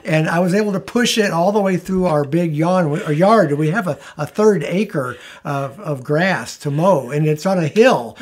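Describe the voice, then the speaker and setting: A middle-aged man with a somewhat higher voice chats casually and easily. He rambles a little and restarts his sentences as he goes. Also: normal speed, few pauses. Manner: rambling, self-correcting, easygoing. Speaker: co-host of a frugal living channel. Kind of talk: casual chat.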